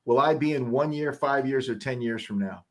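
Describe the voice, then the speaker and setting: A man speaking as a podcast guest, telling stories in an energetic, emphatic motivational style. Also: mid-range voice, moderate pace. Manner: energetic, emphatic, acts out voices. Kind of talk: motivational storytelling.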